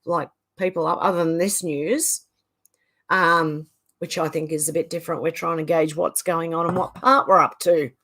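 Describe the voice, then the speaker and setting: Australian woman reading chat aloud. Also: fairly low pitch. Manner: reads viewer comments aloud, chatty asides. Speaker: livestream host reading chat. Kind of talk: casual chat.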